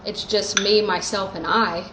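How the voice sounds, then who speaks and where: Slow-talking woman cooking at home. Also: medium pitch, steady tone, reverberant, noisy background. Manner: chatty, lots of likes and ums. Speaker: host. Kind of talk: casual cooking demo. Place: home kitchen. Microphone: phone live stream.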